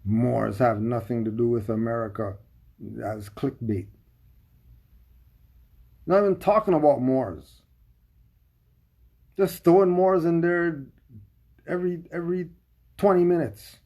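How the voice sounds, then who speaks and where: A man's voice: mid-range voice, unhurried, vocal fry, pauses often, warm tone. A man giving sarcastic reaction commentary on a video, firing off mocking rhetorical questions.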